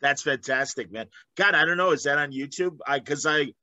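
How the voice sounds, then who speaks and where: A man's voice: a little high, a little fast, sharp tone, no echo. A man hosting an interview podcast, chatting casually and agreeing eagerly. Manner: enthusiastic, agreeable, "man" tags. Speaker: podcast host.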